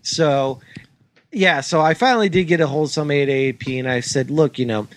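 A man co-hosting a comedy podcast, telling a story in an exasperated, swearing, animated way. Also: fairly high pitch, fast talker, soft background music. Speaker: podcast co-host. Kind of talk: casual chat, ranting story.

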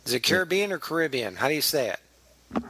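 A man's voice: fairly high pitch, big pitch swings, fairly quick, a crowd in the background. A man hosting a casual comedy podcast, joking and laughing often and stammering as he starts sentences. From US Midwest. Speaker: podcast host.

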